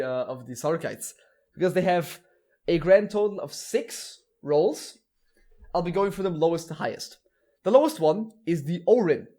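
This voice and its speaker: A man with a fairly high voice talks through an explanation on a casual podcast. He often restarts his sentences and speaks bluntly. His delivery is loose and conversational. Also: darkish tone. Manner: explains at length, with many restarts and some laughing. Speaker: podcast host explaining lore.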